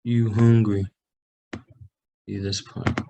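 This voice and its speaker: A man teaches an online language class over a video call, patiently explaining and repeating example phrases. He talks slowly in a fairly low, level, gravelly, dark voice, and his computer mic gives poor audio.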